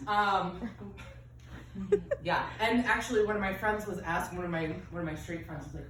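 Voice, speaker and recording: A woman's voice: fairly low pitch, normal speed, a bit bright, slight background noise. A woman in her thirties doing a live stand-up comedy set, chatty and self-deprecating, with lots of fillers and asides. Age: 30s. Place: comedy stage before a laughing audience. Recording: roomy live venue mic with distance and crowd laughter.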